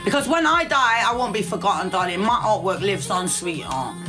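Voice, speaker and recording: A woman's voice: mid-range voice, animated, fairly quick, music in the background. A middle-aged woman ranting on a livestream, brash and profane, calling everyone darling. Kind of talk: casual rant on a livestream.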